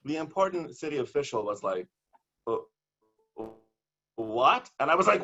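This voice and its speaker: A man performing bawdy comic poetry over a video call, theatrical and given to shouted punchlines. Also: on the high side, sing-song, fairly quick, muffled recording. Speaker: poet.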